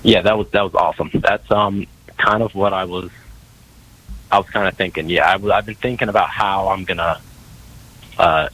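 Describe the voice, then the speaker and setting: A man's voice: low voice, fairly even intonation, moderate pace, long pauses, fairly bright tone, husky, low-quality recording. A college-age man calling in, speaking hesitantly with lots of fillers. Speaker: caller. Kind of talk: phone-in question.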